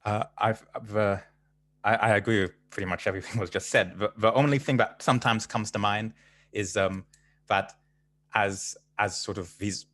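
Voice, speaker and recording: A man's voice: fairly low pitch, steady tone, normal speed, fairly bright tone. A man speaking as a panelist in an online academic discussion, cautious and hesitant, repeating his words. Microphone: video call.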